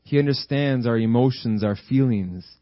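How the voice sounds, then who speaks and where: A man's voice: medium pitch, moderate pace, no echo, lo-fi sound. A man preaching a sermon with fervent, repetitive emphasis, often calling out to the congregation for an "Amen.".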